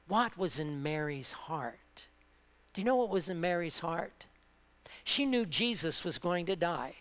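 A man's voice: a little high, animated, a little slow, fairly bright tone. A man preaching a sermon with passion, building through repeated phrases and rhetorical questions.

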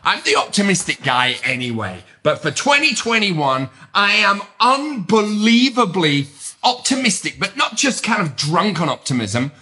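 A middle-aged man with a British accent hosting a podcast, talking in an energetic, emphatic, upbeat way. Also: sits high, unhurried. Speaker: podcast host. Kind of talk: motivational podcast monologue.

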